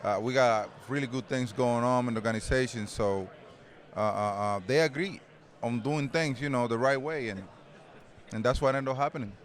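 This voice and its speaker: A man in his forties speaks English with a Spanish accent, chatting loosely as an interview guest outdoors at an event. He rambles, restarts his sentences and laughs easily, at an ordinary pitch. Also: normal speed. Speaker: interview guest, retired baseball player. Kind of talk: casual interview.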